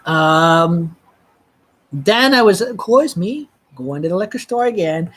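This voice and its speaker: A live streamer telling a personal story in a rambling, halting way, with frequent restarts and blunt swearing. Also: mid-range voice, lively intonation, a bit bright.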